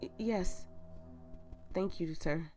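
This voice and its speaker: A woman's voice: on the low side, takes it slowly, warm tone, faint music behind. A woman voicing a composed female lead doctor who delivers findings in a matter-of-fact way in a game playthrough. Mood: clinical.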